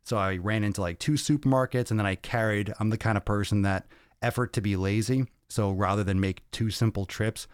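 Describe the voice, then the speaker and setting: A male podcast host, out of breath, chatting casually on a livestream and reading viewer comments in an energetic, profane, rambling way into a podcast mic. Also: lowish voice, a little fast, smooth, no echo, studio quality. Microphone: podcast microphone.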